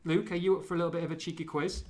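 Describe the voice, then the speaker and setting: A man with a fairly high voice talks very fast while hosting a casual podcast quiz. His delivery is lively, upbeat and full of banter.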